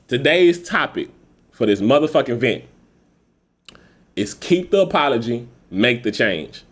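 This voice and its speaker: A man's voice: mid-range voice, very animated, slow, long pauses. Rambling, profane man hosting a podcast. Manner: profane, rambling, goes off on laughing tangents. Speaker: podcast host. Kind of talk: casual venting monologue.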